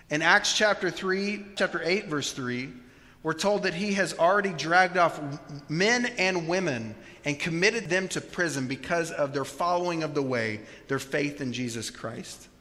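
A man in his thirties preaching a sermon in church, telling stories and shifting between hushed, slow passages and loud, emphatic ones. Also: fairly high pitch. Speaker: pastor. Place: church sanctuary. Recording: long reverb of a large hall.

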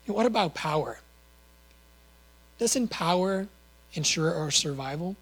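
Earnest male preacher, slightly high voice. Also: lively intonation, unhurried, poor audio. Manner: earnest, with rhetorical questions and small self-corrections. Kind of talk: sermon.

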